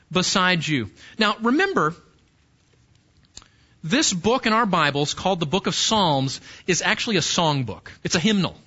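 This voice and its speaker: A man's voice: high-pitched, bright, forceful tone, lo-fi sound. A man preaching a sermon, explaining a scripture passage earnestly and asking his listeners rhetorical questions. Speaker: pastor.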